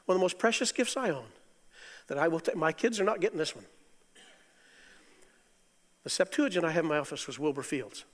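Middle-aged male preacher, high-voiced, animated, loud bursts and soft asides, long hall reverb. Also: fairly quick, pauses often. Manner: animated, swings from loud exclamations to quiet asides, chuckles. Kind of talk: sermon.

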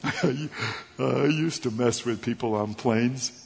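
A man preaching a sermon, telling animated stories and acting out the voices of the people in them. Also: medium pitch, slow, creaky, slightly rough. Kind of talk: sermon with storytelling. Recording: reverberant hall.

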